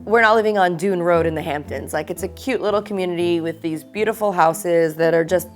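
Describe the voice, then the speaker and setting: A woman's voice: on the low side, brisk, hardly any pauses, soft background music. A woman hosting a parody reality-show vlog, griping about her neighbors in a sarcastic, mock-diva way. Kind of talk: casual confessional chat.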